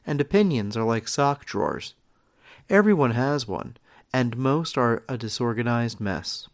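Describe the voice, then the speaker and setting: A man hosts a comedy podcast, reading absurd ads and listener letters with a dry, mock-serious delivery. His pitch moves in a lively way around a middle register. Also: a little slow. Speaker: podcast host.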